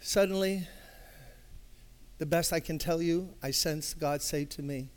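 Older New York pastor preaching. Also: male voice, fairly high pitch, a little slow, long pauses. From Brooklyn, New York. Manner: conversational, acts out dialogue, swells to emphatic passion. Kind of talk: sermon storytelling. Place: church sanctuary.

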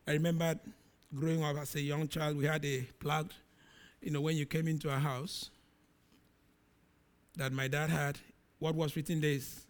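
A middle-aged man preaching a sermon, reading scripture dramatically with loud emphatic peaks and quiet low drops. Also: little pitch movement, moderate pace, long pauses.

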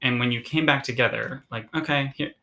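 A man hosting a podcast, with a bright, forward voice at a middle pitch. He speaks thoughtfully, taking his time to draw out the meaning in what his guest says. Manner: reflective, pauses to unpack meaning. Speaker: podcast host. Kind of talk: casual interview chat.

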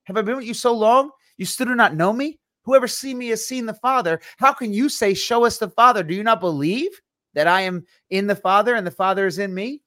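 An exasperated Jesus, put on by a man, presses a slow disciple with incredulous questions. The voice sits high, lifted clearly above the speaker's usual pitch. The sound is close and dry. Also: bright, forceful tone, no room sound. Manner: incredulous, pleading rhetorical questions.

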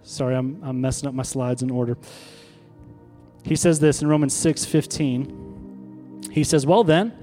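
A man's voice: mid-range voice, fairly even intonation, unhurried, long pauses, mellow, soft background music. A pastor preaching a sermon to his congregation, conversational, throwing rhetorical questions to the room. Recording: long reverb of a hall.

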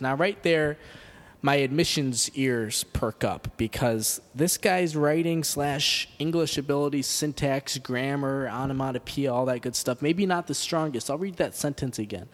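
A man hosting a comedic podcast, reading a letter aloud in a deadpan, mock-serious way with sarcastic asides. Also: medium pitch, moderate pace, big-room sound. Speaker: podcast host.

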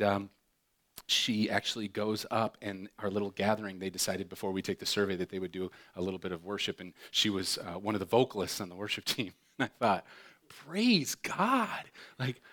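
A middle-aged man preaching a sermon, telling comic stories and acting out voices with lots of bounce. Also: mid-range voice. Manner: animated, jokey, acts out voices in his stories. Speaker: pastor.

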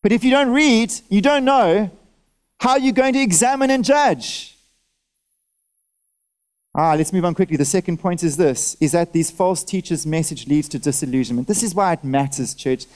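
A preacher with a notably high voice delivers a sermon at a church service. He asks his listeners question after question and checks they are with him, calling for nods and amens. He speaks through a face mask. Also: moderate pace. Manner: animated, fires off rhetorical questions at the congregation.

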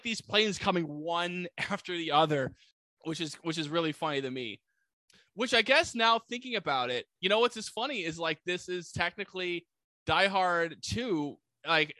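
A man's voice: high voice, pushed and bright, no room sound. A man co-hosting a casual podcast, animatedly retelling a movie plot and acting out quoted lines. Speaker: podcast co-host. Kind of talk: casual movie recap chat.

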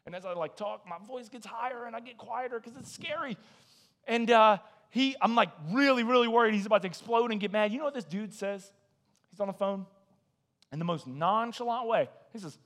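A man preaching a sermon as a guest speaker, conversational and animated, telling stories with acted-out quotes and repeating "man" and "listen". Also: very high-pitched, fairly quick.

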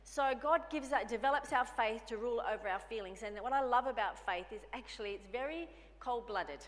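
A woman's voice: a little high, a little fast, big-room sound. A woman preaching a sermon in a conversational way, often acting out little dialogues with herself. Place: church hall.

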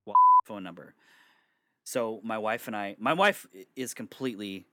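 A young man in his bedroom telling a story for his vlog, animated and swearing freely. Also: lowish voice, normal speed, heavy background noise. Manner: animated, swearing, breaks into laughter. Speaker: vlogger.

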